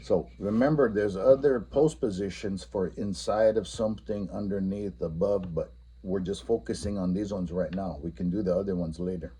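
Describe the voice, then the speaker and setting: A man giving a spoken language lesson for teachers, explaining a classroom game and repeating each phrase slowly and patiently. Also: low-pitched, warm tone, a little hiss or hum.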